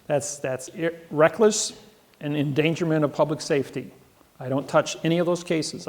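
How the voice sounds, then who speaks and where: A man's voice: a little high, darkish tone. A man speaking at a seminar, telling boastful stories in a rambling way, often repeating his words. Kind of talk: seminar talk, storytelling to an audience. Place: seminar room.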